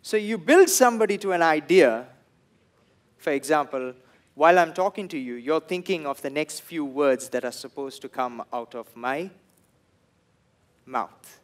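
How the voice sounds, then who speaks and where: A young man with a Sri Lankan English accent performing a stand-up comedy set, telling stories and acting out the people in them in loud bursts. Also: a little high, a little slow. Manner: animated storytelling, acts out quoted people in loud bursts.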